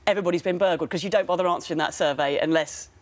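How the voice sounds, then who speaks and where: Quick-talking woman in her forties. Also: lowish voice. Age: 40s. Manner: quick, earnest, arguing her point. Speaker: comedian and campaigner, TV guest. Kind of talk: heated studio debate.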